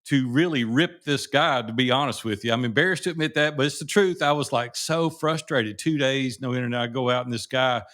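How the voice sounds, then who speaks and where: A middle-aged man talks from his home office at an ordinary middle pitch. He tells his stories with energy and laughs easily. The talk stays loose and casual. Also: brisk, hardly any pauses. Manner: animated anecdote telling, laughs easily. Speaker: podcast co-host. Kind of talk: casual storytelling chat.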